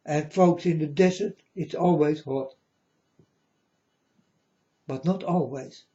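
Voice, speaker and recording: Man, rambling preachy monologue, slightly high voice, muffled lo-fi sound. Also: warm tone. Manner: slow, repetitive, preachy, addresses viewers as folks. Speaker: self-styled prophet. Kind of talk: rambling religious monologue to viewers. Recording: dull lo-fi sound.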